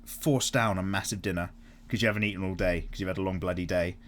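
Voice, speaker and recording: A man hosting a casual art vlog, chatting and answering viewer comments in an animated way, swearing freely as he goes. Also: deep voice, fast. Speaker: art channel host.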